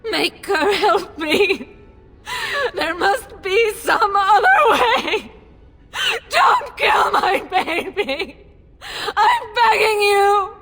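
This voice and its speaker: A woman's voice: on the high side, slow, long pauses, husky, big-room sound, faint music behind. An actress playing a desperate noble mother pleading for her son in a video game. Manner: pleading, tearful.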